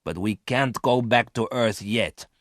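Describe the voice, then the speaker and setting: A man's voice: medium pitch, unhurried, dry recording, studio quality, natural voice. A man voicing a ruthless male space criminal leader who talks in a harsh, commanding way. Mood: angry.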